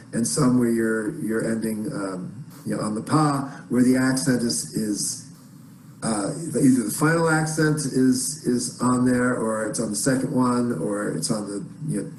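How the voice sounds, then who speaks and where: A man's voice: medium pitch, a little mellow, echoey room, slight background noise, poor audio. A man hosting an online music workshop, explaining in a rambling, encouraging way with many restarts. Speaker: workshop host.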